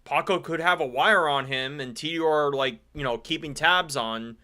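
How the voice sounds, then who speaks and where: A man's voice: fairly high pitch, a little slow, pushed and bright, smooth. A man giving sarcastic, incredulous commentary over a game and swearing often.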